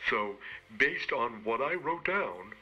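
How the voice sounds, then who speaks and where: A man co-hosting a podcast, giving a rambling, self-mocking comedic monologue of wrestling picks with halting restarts. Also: medium pitch, animated, husky, lo-fi sound.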